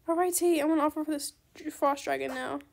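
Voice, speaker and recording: High, gravelly-voiced woman gaming host. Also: fast, a little hiss or hum. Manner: chatty, excitable, polite. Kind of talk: casual gameplay commentary.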